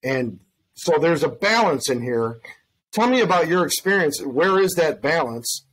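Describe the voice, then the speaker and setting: A man's voice: a little high, expressive, a little slow, fairly bright tone, a little hiss or hum, low-quality recording. A man on a podcast, thinking aloud as he rambles through his experiences with dating. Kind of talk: casual conversation.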